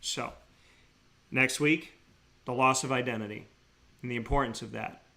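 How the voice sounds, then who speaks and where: A man hosting a talk show segment, telling stories with excitement and sincere, earnest thanks. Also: mid-range voice, moderate pace, vocal fry. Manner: excitable, laughing storyteller, then quiet and earnest. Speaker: radio show host.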